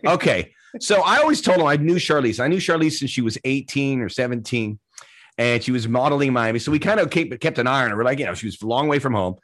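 A man hosting a podcast, telling animated anecdotes in casual chat and acting out the people he quotes. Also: medium pitch, fast. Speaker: podcast host.

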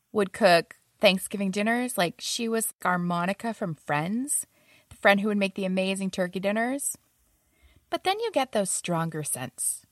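A woman's voice: mid-range voice, no room sound, clean studio sound. A young adult woman casually telling stories about her roommates, often laughing as she talks. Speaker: storyteller.

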